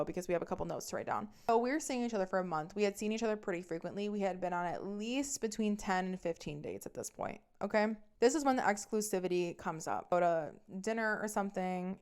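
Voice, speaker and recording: A woman's voice: mid-range voice, clean tone. A young adult woman telling a personal dating story as a podcast host, candid and profane, chatty with lots of filler words. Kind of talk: casual storytelling monologue.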